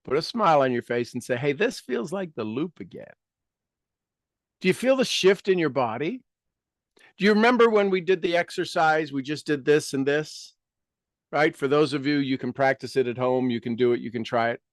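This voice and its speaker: In a self-help session, a somewhat high-voiced man speaks a little fast as he coaches listeners through exercises. Rhetorical questions, repeated key phrases and frequent hushed asides mark his delivery. There's no room echo in the dry sound.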